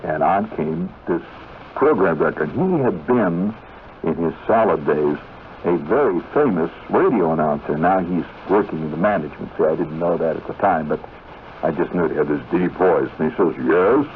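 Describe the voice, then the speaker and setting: Low-voiced man spinning a rambling radio yarn. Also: expressive, normal speed. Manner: rambling, conversational, asides to the listener. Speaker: radio host. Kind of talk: radio storytelling monologue. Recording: tinny 1970s radio broadcast with faint hiss.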